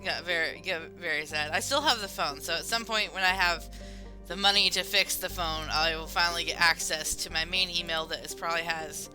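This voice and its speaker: A woman streaming a game and chatting casually with a friend, easygoing and quick to get excited. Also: fairly low pitch, faint music behind, rough recording. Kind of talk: casual chat while gaming.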